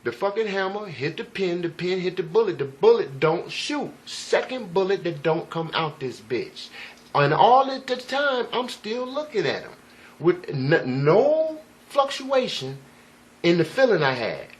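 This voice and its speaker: Here a vlogger with a high-pitched, very animated voice recounts a personal story a little slowly. He rambles and swears casually, peppering it with emphatic asides to the listener and frequent "you know what I'm saying."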